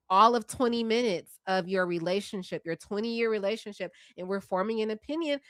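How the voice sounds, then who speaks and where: A middle-aged woman, a guest in a casual chat, speaking in a measured and reflective way. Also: mid-range voice, fairly bright tone, no room sound, clean studio sound. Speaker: podcast guest.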